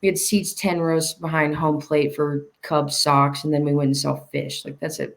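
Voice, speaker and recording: A woman in her thirties talks as a podcast guest in a loose, casual chat. Her voice has a gravelly fry running under it, and she laughs easily and circles back through half-finished sentences. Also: low voice, little pitch movement, normal speed. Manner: chatty, laughs often, trails off in restarts.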